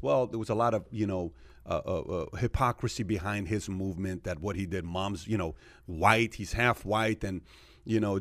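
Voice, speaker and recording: A man's voice: fairly low pitch, no echo, clean studio sound. A man hosting a casual podcast discussion, telling stories animatedly and acting out quoted exchanges, with frequent fillers. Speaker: podcast host.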